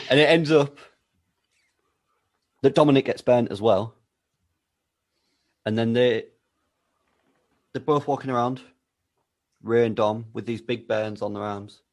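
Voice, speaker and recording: A man co-hosting a podcast, building an absurd story with a deadpan, playful delivery. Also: medium pitch, slow, pauses often. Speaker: podcast co-host. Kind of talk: comedic storytelling chat.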